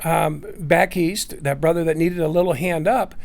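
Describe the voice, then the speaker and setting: A man's voice: a little high, steady tone, normal speed, vocal fry. A middle-aged man casually telling a long personal story, rambling with many fillers and restarts.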